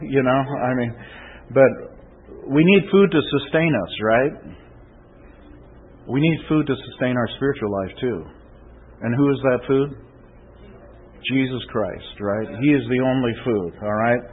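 A man's voice: medium pitch, normal speed, narrow, tinny audio, slight background noise. A male pastor delivering a conversational sermon that swells into emphatic preaching, often checking in with "okay?" and "right?".

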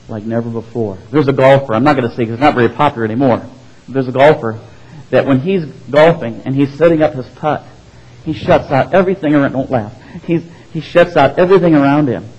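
A pastor preaches a sermon in an animated storytelling style, acting out the voices of the characters in his stories. His voice is mid-range, and the recording has its highs cut off.

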